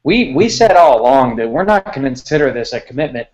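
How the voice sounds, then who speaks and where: A man's voice: mid-range voice, lively intonation, quick pace, a little mellow. Man talking recruiting, slightly muffled. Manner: conversational, repeats words while thinking. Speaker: sports recruiting reporter. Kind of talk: casual podcast chat.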